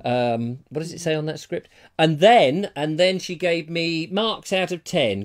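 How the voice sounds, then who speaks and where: An English man hosting a live comedy talk show from home, chatty and jokey, often addressing viewers as ladies and gentlemen. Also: fairly high pitch, animated, unhurried. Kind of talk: casual live-stream chat. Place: terraced house.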